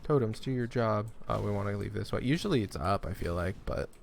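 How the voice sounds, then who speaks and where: A man's voice: on the low side, animated, fairly quick, creaky, a little hiss or hum. A young man giving laid-back, chatty commentary while playing a game. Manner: chatty, laid-back, loose asides with laughs. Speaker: gaming streamer. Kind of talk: casual gameplay commentary.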